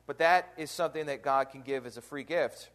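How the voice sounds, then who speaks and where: A man's voice: mid-range voice, brisk, fairly bright tone. A man preaching an informal Bible lesson in a conversational way, often asking rhetorical questions. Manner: conversational, asks rhetorical questions, frequent "right?"; reads scripture aloud with emphasis.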